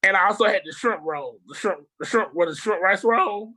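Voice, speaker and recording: A speaker on a video call, telling a rambling, animated story in casual chat, with slang and swearing. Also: medium pitch, fairly quick.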